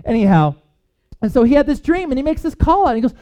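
Male preacher, not a native English speaker, animated storyteller with a swooping delivery. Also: very high-pitched, fast talker, clear, resonant tone. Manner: animated storyteller, acts out quotes, chuckles. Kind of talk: informal sermon with scripture reading.

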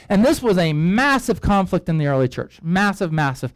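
Male pastor, high voice, storytelling sermon, chatty asides, dry recording. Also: moderate pace, few pauses, no room sound, low-quality recording. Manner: lively storyteller, acts out characters' reactions; rambling with frequent fillers and asides. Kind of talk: sermon-style Bible teaching.

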